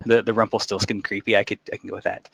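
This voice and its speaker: A man's voice: on the low side, little pitch movement, rapid-fire, gravelly, breathy edge, dry recording, rough recording. A man narrating as game master of a tabletop game, casual and full of restarts.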